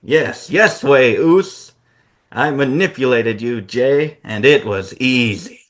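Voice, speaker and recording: A man's voice: mid-range voice, takes it slowly, fairly bright tone. A man voicing a scheming wrestling champion who gloats over the friend he betrayed, in a smug, taunting tone.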